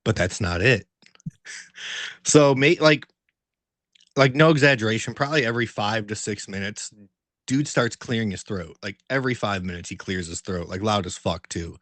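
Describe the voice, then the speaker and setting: A man co-hosting a podcast, telling a story in a casual, animated way, swearing a lot and filling it with "like". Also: on the low side, moderate pace, no room sound. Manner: animated, profanity-heavy storytelling with many fillers; laughs while telling the story. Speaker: podcast co-host. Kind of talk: casual chat.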